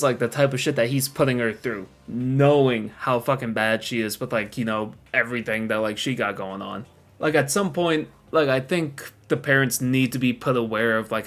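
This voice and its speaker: A man's voice: medium pitch, fairly bright tone. A man narrating drama commentary in a loose, profane, filler-heavy way. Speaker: commentary video host.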